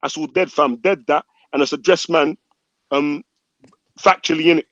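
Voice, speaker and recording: A man's voice: fairly high pitch, fairly even intonation, normal speed, a bit bright, no room sound. A man with hosting a heated live-stream debate, cutting in and repeating words urgently. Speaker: stream host moderating a debate. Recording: dull lo-fi online audio.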